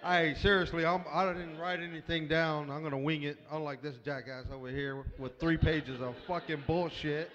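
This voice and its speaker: A man's voice: on the high side, fairly even intonation, moderate pace, few pauses, a bit bright. A man improvising a profane roast in a pub, heckling the guests with crude insults. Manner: crude, trash-talking, heckles the crowd. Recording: echoey, dull-sounding hall recording.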